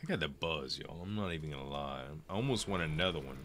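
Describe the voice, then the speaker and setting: A man's voice: a bass voice, expressive, fast talker, a bit bright, slight background noise. A tipsy man chatting and joking while streaming a game. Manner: rambling, joking, playful. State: tipsy from wine. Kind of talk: casual gaming chat.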